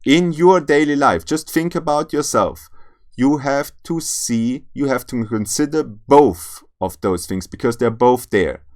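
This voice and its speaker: A man's voice: mid-range voice, a little slow, a little mellow. A man giving a spiritual lecture, speaking earnestly and directly to his listeners, often restarting and repeating words as he goes. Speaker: spiritual teacher.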